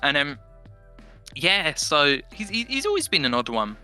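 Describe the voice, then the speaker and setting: A young man with an English accent, a podcast guest telling stories in casual chat, animated and swearing freely. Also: on the high side, measured pace, faint music behind. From England.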